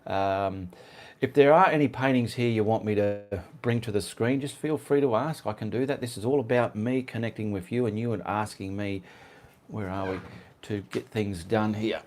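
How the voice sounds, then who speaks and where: A rambling Australian man talks casually at home, answering viewers one by one on a live art stream. His voice sits a little low, and he keeps drifting off to side tasks before picking up the chat again. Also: normal speed, darkish tone. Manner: chatty, reads out viewer comments, easily sidetracked. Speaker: artist hosting live Q&A stream.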